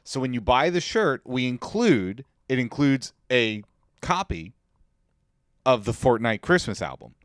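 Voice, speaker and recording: A man co-hosting a comedy podcast, excitedly pitching absurd schemes in casual, crude banter into a podcast mic. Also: a little slow, no echo, clean studio sound. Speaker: podcast co-host. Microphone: podcast microphone.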